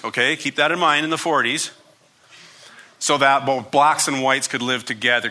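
Forceful, emphatic man preaching. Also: medium pitch. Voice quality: emphatic, repeats phrases for effect. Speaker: pastor. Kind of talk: sermon.

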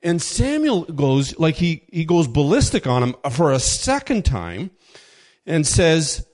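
A man preaching a casual sermon, telling a story with quick voiced asides and chuckles. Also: a little high, sing-song.

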